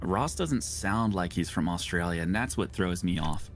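A man's voice: deep voice, lively intonation, moderate pace, faint music behind. A man chatting casually on a gaming stream, laughing and teasing. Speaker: stream guest.

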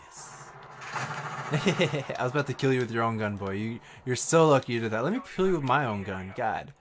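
Male game streamer, lively swings of pitch, loud cursing trash talk, game music under him. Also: normal speed. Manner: loud, swearing, trash-talking outbursts. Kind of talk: gameplay commentary.

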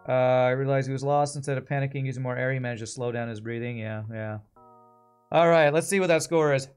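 A man's voice: medium pitch, fairly even intonation, quick pace, clean tone, faint music behind. A man casually commenting while streaming a video game, thinking aloud and laughing easily.

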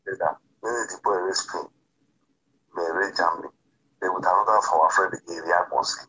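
A man's voice: low voice, steady tone, quick pace, bright, forceful tone, slight background noise. A man talking on a phone call, rambling and repeating himself. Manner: rambling, repeats words and restarts. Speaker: iPad owner on a phone call. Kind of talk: casual phone conversation. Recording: tinny phone line.

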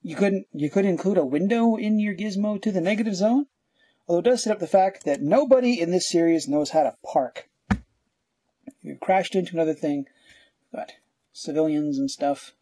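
A man's voice: sits high, normal speed, mellow, slightly rough, no room sound. A man from Canada with a Canadian accent, ranting sarcastically and rambling through a comic book review as podcast host.

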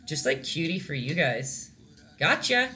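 A woman's voice: deep voice, big pitch swings, measured pace, pushed and bright, slight background noise. A young Canadian woman teaching a casual live-stream painting lesson, chatty and giggly, rambling with lots of fillers. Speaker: painting instructor.

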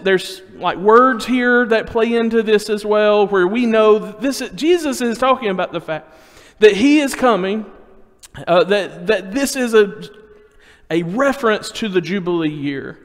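A man preaching a sermon in a conversational way, stumbling over restarts and sometimes dropping to a hushed voice for effect. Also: high voice. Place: church sanctuary. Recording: church hall with long reverb.

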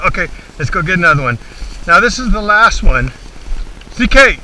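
Bright-voiced man training a dog outdoors. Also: sits high, big pitch swings, normal speed, pauses often. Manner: talks to camera while commanding a dog. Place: outdoors in a field. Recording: distant outdoor recording, faint background noise.

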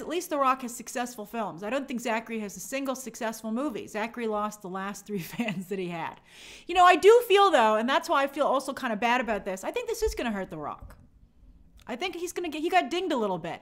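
A woman hosts a casual movie news live stream with a high voice. She talks in an animated, sarcastic way, and her pitch swings widely as she acts out other people's reactions and reads viewer comments.

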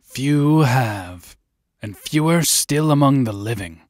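A brooding sea captain with a dark secret in an audio drama. He speaks in a stern, commanding, old-fashioned seafaring manner at a middling pitch. The recording is very dry and close, with no room sound. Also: animated, slow, dry recording. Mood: grave. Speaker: ship captain.

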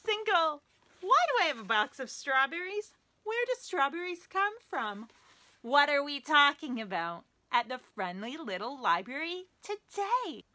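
Woman reading picture books to little kids, high voice that swoops all over, animated and exaggerated. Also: measured pace. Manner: animated, sing-song, exaggerated for kids, counts along. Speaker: children's librarian, story time host. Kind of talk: reading picture books aloud to young children.

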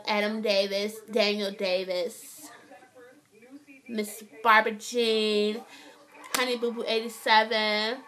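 A young woman vlogging a casual, animated TV recap, swearing a lot and often asking "right?". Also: mid-range voice.

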